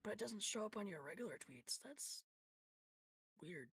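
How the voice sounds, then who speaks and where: A woman's voice: mid-range voice, lively intonation, normal speed, husky, no room sound. A woman livestreaming a game at her home computer, chatting casually with her audience, swearing freely and often dropping into whispered asides. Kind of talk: casual stream chat while gaming.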